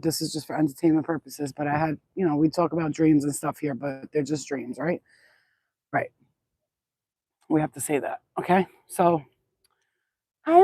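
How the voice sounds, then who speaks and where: A woman's voice: deep voice, warm tone, dry recording, poor audio. Woman, casual spiritual vlog, rambling, blunt, swears, phone recording, dry sound. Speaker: channeler. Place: outdoors in a yard.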